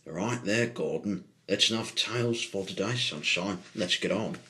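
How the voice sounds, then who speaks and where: A man voicing a brisk male steam engine in a storybook reading. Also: low voice, noisy background, voice pushed up. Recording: echoey room.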